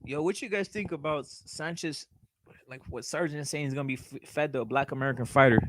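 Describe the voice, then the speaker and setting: A man's voice: fairly high pitch, fast, poor audio. A young man hosting a casual boxing chat show, blunt and profane, repeating himself and calling his viewers brother as he reacts to live chat. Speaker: boxing talk show host.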